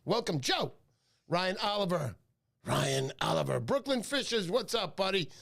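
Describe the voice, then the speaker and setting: A middle-aged man hosting a fishing livestream, exuberant and loud, shouting viewers' names and joking with his wife. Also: high-pitched, sing-song, normal speed. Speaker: fishing show host. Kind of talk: excitable livestream chat.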